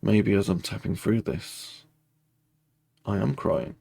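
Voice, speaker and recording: Low husky guy walking you through a tapping meditation, repeats the same calm affirmations over and over. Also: dry recording. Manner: slow, repetitive first-person affirmations. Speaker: meditation guide.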